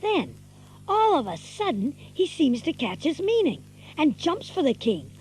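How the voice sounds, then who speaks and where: A woman's voice: high voice, huge pitch swings, a little slow, a little mellow, a little hiss or hum, full character voice, rough recording. A woman voicing a scrappy teenage country boy with a rural Southern US dialect, narrating and acting in a radio play. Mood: wry. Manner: folksy, drawling storyteller.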